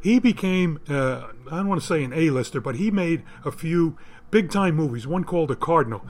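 A man's voice: fairly high pitch, lively intonation, a little fast, darkish tone. A man chatting casually about a film, making dry, critical remarks. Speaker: podcast co-host. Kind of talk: casual chat.

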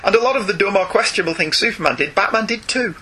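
A man's voice: high-pitched, animated, fast talker, pushed and bright, slightly rough. A man co-hosting a casual podcast, reading listener letters aloud and adding his own chatty asides. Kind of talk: casual chat.

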